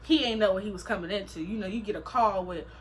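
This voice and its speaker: A woman's voice: mid-range voice, fast talker, a little hiss or hum, poor audio. A young woman vlogger telling a story in a casual, slangy way, acting out what people said.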